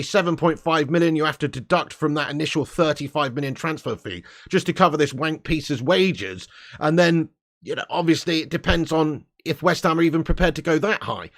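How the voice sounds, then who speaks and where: A man hosting a casual live-stream fan show, blunt and sweary, laughing between rants. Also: a little high.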